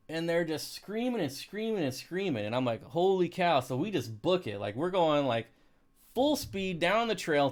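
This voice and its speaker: A man hosting a live stream, chatting casually and rambling through anecdotes with frequent restarts. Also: medium pitch. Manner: rambling storyteller, many restarts and laughs. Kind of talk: casual chat.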